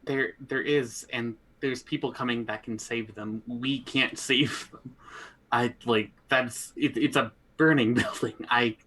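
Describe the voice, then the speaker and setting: Slow, hesitant male player. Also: medium pitch, fairly even intonation, sharp tone, poor audio. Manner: hesitant, halting speech with restarts. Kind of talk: tabletop game play.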